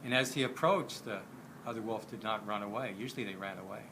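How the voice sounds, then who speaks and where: A man with a fairly low voice tells a story, pausing often and filling gaps as he goes. His telling is plain and unhurried, with a steady hiss of background noise across the recording. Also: gravelly. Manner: halting, frequent pauses and fillers. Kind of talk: spoken storytelling.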